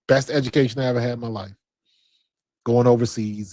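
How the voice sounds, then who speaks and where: A man's voice: mid-range voice, normal speed, long pauses, a bit bright, dry recording. A man hosting a sports podcast, chatting casually and rambling through a story in a laid-back way. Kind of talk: casual chat.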